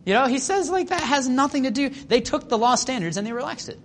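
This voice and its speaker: A man teaching a Bible study in a casual, animated way, acting out quotes and asking the class questions. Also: very high voice, fast talker, few pauses. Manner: animated, acts out quotes, asks the room questions.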